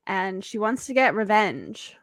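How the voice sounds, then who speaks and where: A woman co-hosting a podcast, recapping an episode in expressive casual chat and laughing often. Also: medium pitch, a little slow, no echo, studio quality. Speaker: podcast co-host.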